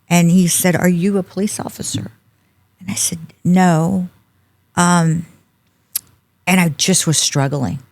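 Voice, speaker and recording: A middle-aged woman, a podcast guest telling a personal story and acting out the people in it. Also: lowish voice. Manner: animated storyteller acting out quoted dialogue. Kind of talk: storytelling interview.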